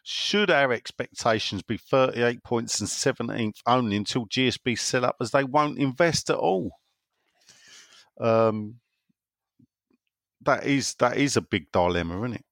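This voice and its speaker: A man's voice: medium pitch, a little slow, creaky, fairly bright tone, no room sound, studio quality. A man hosting a podcast, chatting casually and reading out listener messages. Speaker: podcast host. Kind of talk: casual chat.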